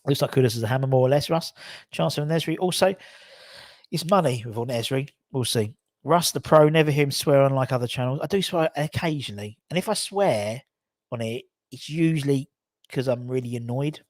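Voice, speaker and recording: A man hosting a live football fan show, chatting casually, animated and sweary, reading viewer comments aloud. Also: medium pitch, brisk, no echo. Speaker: fan channel host. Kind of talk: casual live matchday chat.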